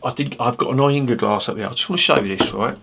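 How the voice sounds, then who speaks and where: A man's voice: medium pitch, fast, a bit bright, slightly rough. A man, reviewing a beer in a chatty, rambling way with jokey asides. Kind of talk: casual beer review to camera.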